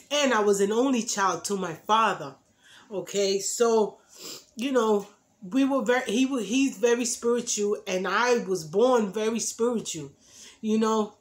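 A woman vlogger talking in a slow, rambling way, tearful and emotional, often saying "you know" as she shares spiritual thoughts with her viewers. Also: mid-range voice. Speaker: mukbang vlogger. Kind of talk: heartfelt spiritual vlog talk.

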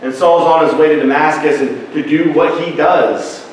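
A man's voice: fairly high pitch, fairly even intonation, normal speed, a little hiss or hum. Man preaching in an echoey church. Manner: conversational preaching with asides and restarts. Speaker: pastor. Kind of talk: sermon. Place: church sanctuary. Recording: echoey church hall from a distance.

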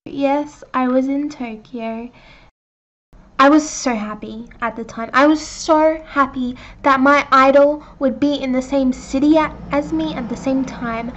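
A woman's voice: high voice, steady tone, a little slow. A woman telling an emotional story time vlog, earnest and hesitant. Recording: dull lo-fi clip audio.

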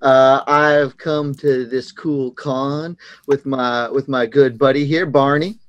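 A man's voice: mid-range voice, steady tone, slow pace, a bit bright, no room sound, highs cut off. A man voicing a laid-back young guy at a convention, stumbling over his words. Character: laid-back young male con-goer.

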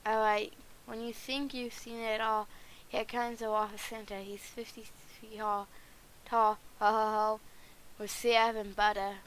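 A woman reading the lines of a chatty, excitable male donkey in a plain read-aloud way. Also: on the high side, measured pace, slight background noise, lightly acted. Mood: excited.

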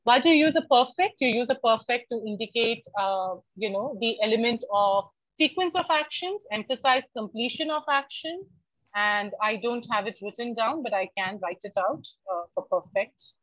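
Indian english woman teaching online, expressive, fairly high voice, dry dull lo-fi call audio. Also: moderate pace, no echo. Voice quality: lively and expressive, switching into Hindi for everyday examples. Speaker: lecturer. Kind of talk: online university lecture.

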